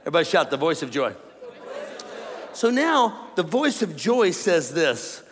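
A man preaching a sermon to a congregation, animated and joking with the crowd. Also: fairly high pitch, unhurried. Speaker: pastor. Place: large church auditorium. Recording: long hall reverb, faint ambience.

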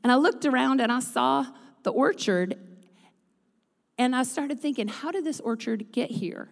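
A woman pastor preaches in a large church, her high voice carrying a long hall reverb. She moves between relaxed, joking asides to the congregation and loud, rhythmic runs of preaching. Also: a little slow, creaky. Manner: builds to loud rhythmic preaching, then drops to chatty asides. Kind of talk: sermon. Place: church sanctuary.

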